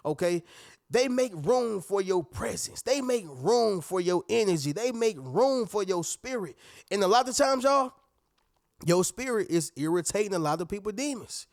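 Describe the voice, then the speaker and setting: A man giving a preachy motivational talk, animated and calling out to his listeners as family. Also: high voice, no room sound, clean studio sound. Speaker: motivational speaker.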